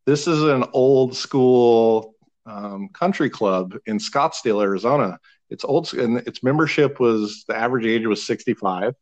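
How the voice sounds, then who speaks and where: A man in his thirties telling a long, animated, profane story in casual podcast chat, laughing now and then. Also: medium pitch, unhurried, lo-fi sound.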